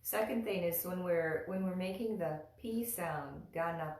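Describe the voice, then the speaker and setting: Woman, patient chant teacher, repeats sounds, slightly low voice, roomy echo. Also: darkish tone. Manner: slow, careful, repeats sounds for the listener. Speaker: mantra pronunciation teacher. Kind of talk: slow, patient instruction with chanting.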